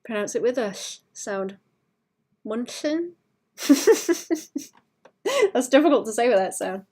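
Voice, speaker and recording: A woman from Wales, talking to her stream audience as she sketches. Her talk is loose and chatty, full of little restarts and fillers as she thinks out loud. Her pitch sits in the middle of the usual range for women. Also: fast talker. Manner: chatty, musing aloud with many restarts and fillers. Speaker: artist streaming while drawing. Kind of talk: casual livestream chat.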